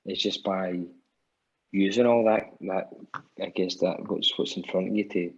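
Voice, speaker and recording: A man's voice: low-pitched, steady tone, a little slow, slightly rough. A Scottish man, a musician guest, telling stories in casual chat, swearing freely and restarting often. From Scotland. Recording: dull lo-fi podcast audio.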